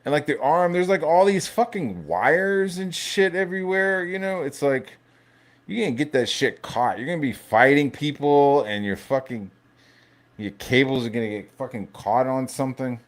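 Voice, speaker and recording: A man hosting a casual live stream, ranting in a profane, rambling, animated way. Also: medium pitch, normal speed. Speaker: livestream host.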